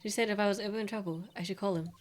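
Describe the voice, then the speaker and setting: A woman's voice: mid-range voice, steady tone, very fast, lightly acted. A woman reading game lines aloud as a polite, apologetic young spirit medium in training. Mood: pleading.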